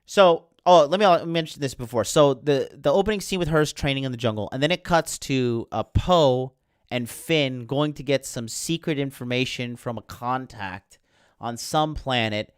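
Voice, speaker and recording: A man hosts a livestream and rants into the mic in a heated, rambling stream full of swearing. His voice is smooth and mid-pitched, with a dry sound and no room echo. He sounds sleepless late at night. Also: normal speed. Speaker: podcast host. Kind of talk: ranting livestream monologue.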